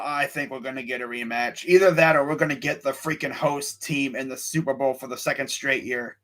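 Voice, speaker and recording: An excitable young man talks his sports picks on a casual live stream, reacting to the chat as he goes. His voice sits a little higher than most men's, and he swings between amused disbelief and hyped-up excitement. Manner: excitable, animated, lots of sighs and laughs; reads live chat while talking. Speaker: sports show host.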